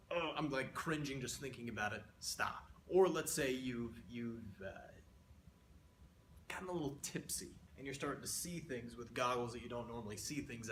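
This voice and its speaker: A man hams his way through a mock economics lecture in a middle-pitched voice, rambling off into playful, exaggerated asides. The sound is roomy and echoey, with a faint hiss underneath. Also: a bit bright. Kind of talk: comedic lecture sketch. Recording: roomy echo.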